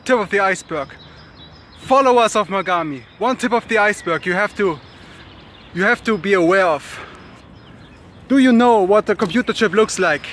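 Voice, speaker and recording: A man talking casually to camera, halting and repeating his phrases. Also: sits high, expressive, a bit bright, a little hiss or hum. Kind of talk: casual vlog talk.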